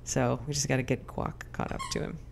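A young adult woman co-hosting a podcast, telling stories in animated, casual chat full of fillers. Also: rumbling low, fairly quick, gravelly, slight background noise. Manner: animated, chatty storyteller with many fillers. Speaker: podcast co-host.

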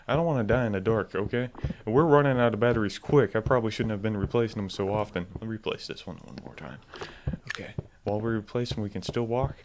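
A man playing a horror game on camera, swearing often and yelping loudly when startled. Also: fairly low pitch, quick pace, noisy background. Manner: swears a lot, bursts into loud startled yelps. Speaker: let's play gamer.

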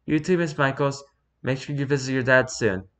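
A man's voice: medium pitch, steady tone, moderate pace, a bit bright, voice pushed up, natural voice. A man voicing a polite, formal woman official in a storybook reading, with a raised voice.

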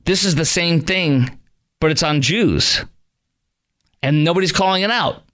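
A man's voice: fairly high pitch, a little slow, fairly bright tone. A middle-aged man from Chicago hosting a call-in talk radio show, indignant and full of rhetorical questions.

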